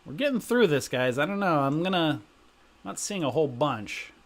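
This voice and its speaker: A middle-aged man chats casually on a livestream, and his voice sits a little high for a man. He wanders from story to story and keeps checking in with a quick "right?". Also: sing-song. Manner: rambling anecdotes with frequent "right?". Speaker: stock trading stream host.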